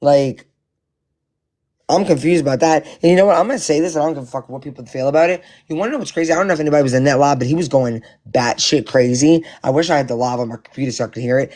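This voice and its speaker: A man giving casual commentary to his viewers, animated and profane, rambling with many restarts. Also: fairly high pitch, rapid-fire. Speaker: live-stream commentator.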